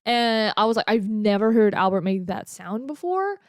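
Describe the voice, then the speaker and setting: A woman's voice: medium pitch, very animated, moderate pace, darkish tone, clear, resonant tone, no echo, clean studio sound. A young woman in her twenties telling a casual story from her life at home. She talks chattily, laughs often and uses many fillers. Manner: chatty and giggly, with lots of fillers. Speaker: vlogger. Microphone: desk mic.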